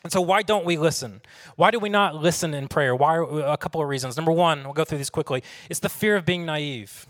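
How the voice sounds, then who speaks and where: A man preaches in a relaxed, conversational way, tossing questions to the congregation. His voice sits a little high for a man. It rings with a long hall reverb, as in a church sanctuary. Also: brisk. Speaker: pastor. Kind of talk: sermon.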